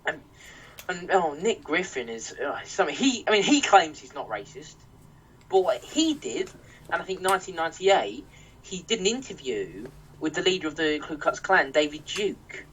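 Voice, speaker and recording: Speaking at normal speed, a young man from England uses a slightly high, sing-song, fairly bright voice as he hosts a podcast. He rants casually and heatedly, swearing and restarting throughout, recorded on a distant mic with faint noise.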